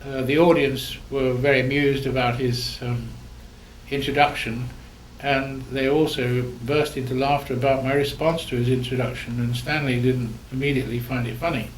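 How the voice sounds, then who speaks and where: An older English-accented surgeon reminisces in conversation, telling stories full of ums and restarts. His mid-range voice has little pitch movement and a normal pace, with slight background noise.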